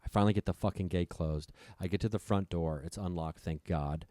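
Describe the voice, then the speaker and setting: A man's voice: sits low, a little fast, dark tone, dry recording. A man guest on a podcast, retelling a story with lots of swearing. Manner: profane, breathless retelling.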